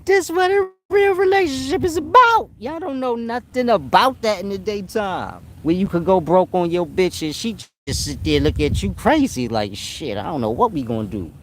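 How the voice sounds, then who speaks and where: A man's voice: sits high, lively intonation, normal speed, hardly any pauses, fairly bright tone, slight background noise. A man giving profane, streetwise relationship advice in a casual monologue, breaking into laughter often. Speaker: advice vlogger.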